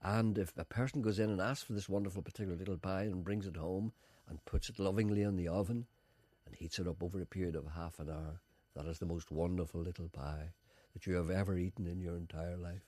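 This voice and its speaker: A man presenting a radio show, telling stories with animated, teasing, theatrical flair in casual banter. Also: deep voice, quick pace, no echo.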